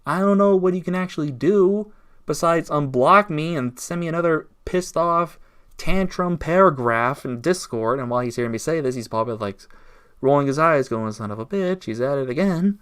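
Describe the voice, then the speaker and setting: A man's voice: a little high, normal speed, a bit bright, smooth. A man ranting in a casual vlog, aggrieved and sarcastic, taunting his target. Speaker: YouTuber.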